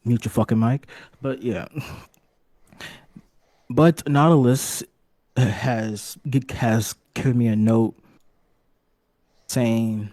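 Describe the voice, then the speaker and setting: A man hosting a comedic mock wrestling press conference, rambling and halting, with bursts of swearing. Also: mid-range voice, fairly even intonation, dark tone, no echo. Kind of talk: comedic hobby role-play.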